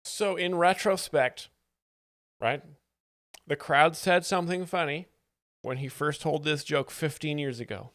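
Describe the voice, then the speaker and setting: A man hosting a stream as a mock-serious joke explainer, giving deadpan commentary on stand-up clips. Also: on the high side, measured pace, pauses often, no echo, clean studio sound.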